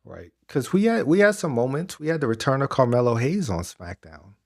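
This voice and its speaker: A man's voice: mid-range voice, big pitch swings, fairly quick, vocal fry. A man co-hosting a podcast, chatting casually about wrestling with lots of restarts and fillers. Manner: rambling, many restarts and fillers. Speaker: podcast co-host.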